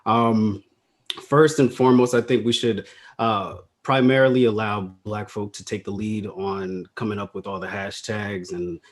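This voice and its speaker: A man's voice: on the low side, steady tone, normal speed. A man doing a stand-up comedy set over a video call, talking loosely and conversationally with plenty of slang.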